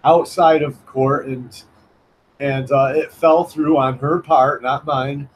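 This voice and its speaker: A man's voice: medium pitch, steady tone, slow pace, poor audio. Rambling man with faint background hum. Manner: rambling, many restarts, acts out quoted voices. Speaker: vlogger. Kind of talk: casual storytelling monologue.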